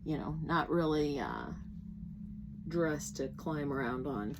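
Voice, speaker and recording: Middle-aged woman, rambling casual craft chat, low-pitched voice, steady background noise. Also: takes it slowly. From Midwestern United States. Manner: rambling storytelling with many fillers and restarts. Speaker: crafting vlogger. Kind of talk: casual chat while working on a craft kit.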